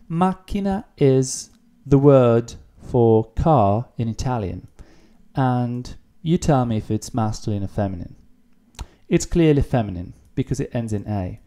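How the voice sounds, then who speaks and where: A man's voice: mid-range voice, dark tone. A man teaching an online beginner language lesson, explaining patiently and repeating words for practice. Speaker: Italian teacher.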